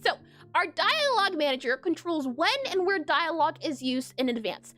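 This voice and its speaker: Very high, bright-voiced woman coding devlog. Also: big pitch swings, moderate pace, soft background music. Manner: chatty, giggly, often self-correcting and spelling words aloud. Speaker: indie game developer. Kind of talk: casual coding devlog narration.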